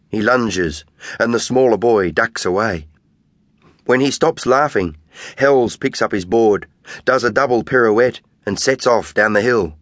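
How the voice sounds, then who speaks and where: A man narrating a children's audiobook in a measured, expressive way. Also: lowish voice, dry recording, studio quality. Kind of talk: scripted narration.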